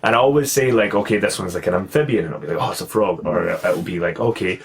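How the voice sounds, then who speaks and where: A man hosting a casual podcast, telling a story in an animated way, swearing freely and laughing as he goes. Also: low voice, fast talker, gravelly. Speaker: podcast host and karate instructor.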